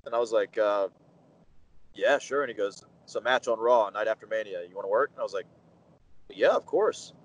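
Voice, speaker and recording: Interview guest, man in his 30s, lowish voice, lively storyteller who acts out quotes. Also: rapid-fire, hardly any pauses, poor audio. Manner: animated anecdotes, acts out quoted dialogue, many fillers. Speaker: pro wrestler, interview guest.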